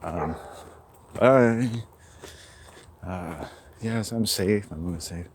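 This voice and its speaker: A man with a lowish voice rambles through a loose, unscripted monologue while walking outdoors. He drifts from thought to thought, laughs between phrases and swears freely. Clear outdoor noise runs under the phone recording. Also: extremely slow. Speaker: vlogger. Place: outdoors, woods.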